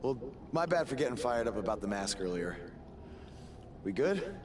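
A man voicing a friendly, easygoing young wrestler who talks in a relaxed way. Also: mid-range voice, normal speed, crowd noise, natural voice. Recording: game audio with clear background noise.

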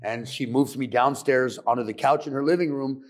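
A middle-aged man telling his addiction recovery story on a podcast, blunt and profane. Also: mid-range voice. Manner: blunt, profane, fast and intense. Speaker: guest sharing recovery story.

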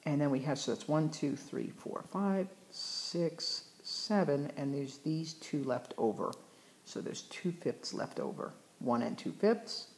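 Low-voiced woman teaching math. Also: animated, unhurried, darkish tone. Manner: chatty, encouraging, self-correcting. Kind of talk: recorded math lesson.

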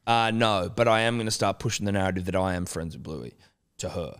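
A man in his thirties with an Australian accent, co-hosting a podcast in casual chat, a lively storyteller who swears freely. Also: deep voice, fairly quick, clean tone. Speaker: podcast co-host.

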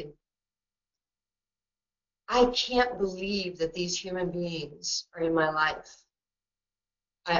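Blunt older New York woman coach, low voice, joking and sarcastic, dull lo-fi webinar sound. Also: fairly bright tone. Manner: blunt, joking, quick storytelling with asides. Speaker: basketball coach and guest speaker. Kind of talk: webinar talk.

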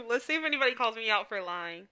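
A woman's voice: fairly high pitch, lively intonation, a little fast, sharp tone, clear, resonant tone. A woman streamer giving casual commentary on her gameplay, playful and full of slang, teasing other players and laughing often. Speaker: gaming streamer.

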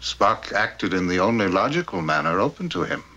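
A man's voice: low voice, big pitch swings, moderate pace, bright, forceful tone, muffled recording, exaggerated voice. An actor playing an aloof, logical older male Vulcan who speaks in a dry, formal way. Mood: detached.

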